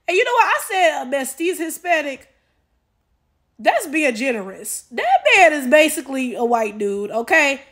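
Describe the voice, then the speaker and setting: High-pitched exasperated woman ranting. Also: brisk. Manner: exasperated, animated, slangy, talks to viewers. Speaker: commentary YouTuber. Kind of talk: casual commentary rant.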